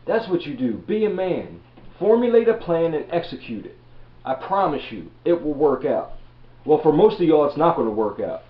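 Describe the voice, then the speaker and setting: 30s guy from baltimore ranting, cussing a lot, kinda high voice, muffled lo-fi sound. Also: big pitch swings, normal speed. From Baltimore, USA. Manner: profane, blunt, repetitive. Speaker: reseller vlogger. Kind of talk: blunt motivational rant. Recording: echoey room, dull lo-fi audio.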